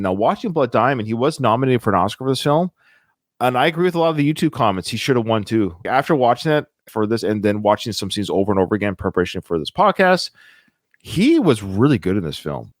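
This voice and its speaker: A man hosts a casual film podcast in an enthusiastic, chatty way, often rattling off strings of titles. His voice sits somewhat low, and the sound is dry and close. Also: expressive, fairly quick, dry recording. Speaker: podcast host.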